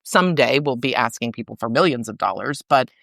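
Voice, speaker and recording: A middle-aged woman talking as a podcast guest about her arts organization, in a chatty, animated way full of fillers. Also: very deep voice, brisk, vocal fry, dry recording, studio quality. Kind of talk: casual interview conversation.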